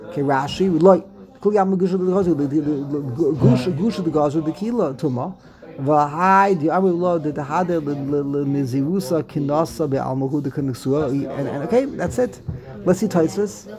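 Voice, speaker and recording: A man's voice: a little high, normal speed, crowd noise. A man teaching a casual Talmud lesson, reading passages aloud and translating them with wry asides and chuckles.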